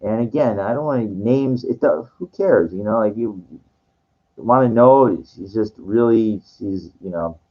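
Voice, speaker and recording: Rambling man with a low voice. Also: unhurried. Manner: rambling, many fillers and restarts. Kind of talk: casual storytelling monologue. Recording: dull lo-fi recording.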